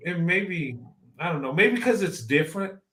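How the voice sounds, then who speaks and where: A man's voice: high-pitched, animated, normal speed, a bit bright. A man in casual conversation who stumbles and restarts often and laughs easily. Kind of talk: casual chat.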